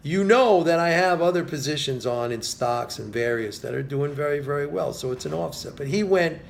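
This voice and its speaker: Guy with a raspy high voice ranting about confidence, lecturing, repeats himself a lot. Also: expressive, normal speed. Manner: emphatic, lecturing, repeats key phrases. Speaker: financial commentator. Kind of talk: motivational monologue.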